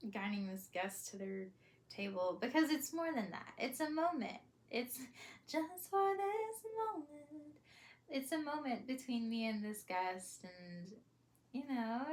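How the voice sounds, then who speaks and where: A young woman in a casual, reflective vlog. She talks slowly and softly, feeling her way through each thought with fillers and pauses. Her pitch sits at an ordinary middle level. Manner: soft, thoughtful, hesitant with fillers and small laughs. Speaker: vlogger.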